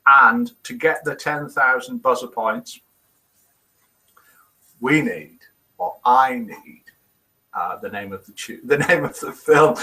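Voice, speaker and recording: A man's voice: on the high side, sharp tone, rough recording. A middle-aged man from the United Kingdom hosting a casual live morning show, reading out viewers' guesses with playful, chuckling quiz-master banter. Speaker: host of a daily live show. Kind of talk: casual live-stream chat, reading out comments.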